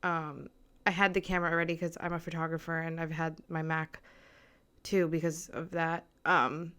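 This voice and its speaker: Young woman hosting a podcast from her little apartment, kinda nervous, says like a lot, lowish voice. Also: flat delivery, normal speed, fairly bright tone, clear, resonant tone. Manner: nervous, rambling, heavy on filler words. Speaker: podcast host. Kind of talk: casual solo podcast chat. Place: small apartment. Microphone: mic with camera on tripod.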